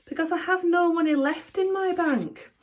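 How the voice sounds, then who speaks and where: A woman's voice: very high-pitched, moderate pace, pitched above the performer's own voice. Woman doing a gushing, overwrought dad. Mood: emotional. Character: emotional middle-aged father, soft-hearted and dramatic.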